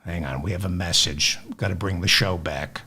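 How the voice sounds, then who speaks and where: A man's voice: sits low, normal speed, bright, forceful tone, breathy edge. A man hosting a comic news podcast, sardonic and exasperated, mixing rants with asides into his webcam. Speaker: podcast host. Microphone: webcam with automatic tracking.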